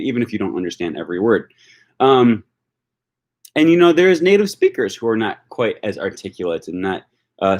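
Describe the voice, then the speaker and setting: A man with a fairly low voice chats loosely on a livestream, thinking out loud as he goes. He fills his pauses with ums and uhs and turns to answer questions from viewers. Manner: thinks aloud with many fillers, answers viewer comments. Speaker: language-learning YouTuber hosting a live discussion. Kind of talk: casual livestream chat.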